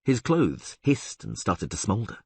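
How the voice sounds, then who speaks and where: A man narrates an audiobook with a husky, breathy grain. His pitch rises and falls widely as he tells the story. The recording is close and dry, with no room sound. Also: wildly swooping pitch, measured pace, dry recording.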